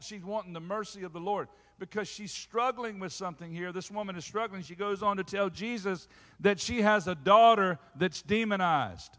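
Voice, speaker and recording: Male pastor, high voice, preaching with lots of call-and-response, sound ringing through a reverberant church. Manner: preaching with call-and-response asides, rising to loud shouts. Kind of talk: sermon. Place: church sanctuary. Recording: hall reverb.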